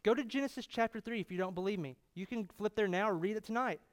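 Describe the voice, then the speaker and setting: A man's voice: sits high, quick pace. A man preaching a sermon as pastor, firing off rhetorical questions and building to fervent emphasis.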